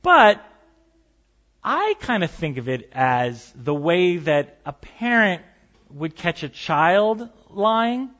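A man's voice: sits high, big pitch swings, takes it slowly, fairly bright tone, highs cut off. A man preaching a sermon as pastor, conversational and storytelling, with light humor.

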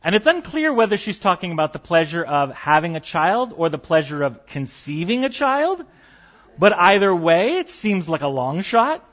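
A man's voice: sits high, big pitch swings, moderate pace, fairly bright tone, lo-fi sound. A man preaching a sermon as pastor, conversational and storytelling, with light humor.

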